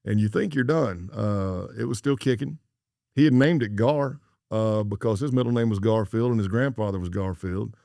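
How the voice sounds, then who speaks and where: A man's voice: fairly low pitch, moderate pace, creaky, dark tone, no echo, clean studio sound. A middle-aged American man, a former undercover agent, telling a story as a podcast guest and acting out the dialogue he quotes. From United States.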